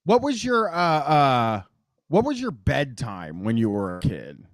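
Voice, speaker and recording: Rambling Midwestern radio host, dry sound. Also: male voice, mid-range voice, huge pitch swings, measured pace, dry recording. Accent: Midwestern American. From Columbus, Ohio, US Midwest. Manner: rambling, swears casually, laughs often. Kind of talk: casual radio talk show chat.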